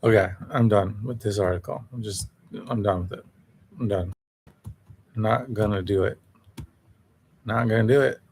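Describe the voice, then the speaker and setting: A man's voice: lowish voice, fairly even intonation, moderate pace, pauses often, darkish tone, a little hiss or hum. A man live streaming alone, rambling in a sardonic, self-mocking way as he reacts to what he reads. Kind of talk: casual solo live stream commentary.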